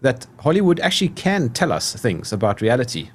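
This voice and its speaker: A man's voice: medium pitch, sing-song, a little fast, husky. A South African man hosting a podcast, chatting casually and laughing often. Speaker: podcast host. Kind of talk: casual chat.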